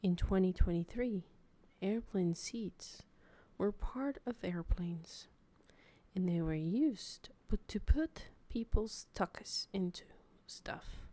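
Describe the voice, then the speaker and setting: Woman voicing a nature documentary narrator, whispered role-play, hushed, mock-serious, slow. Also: mid-range voice, lively intonation. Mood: hushed solemn.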